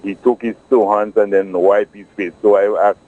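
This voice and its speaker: A man's voice: on the low side, fairly even intonation, moderate pace, narrow, tinny audio. A man calling in to a radio show. He tells his story in a chatty, amused way, mixing English with Kwéyòl. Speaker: caller.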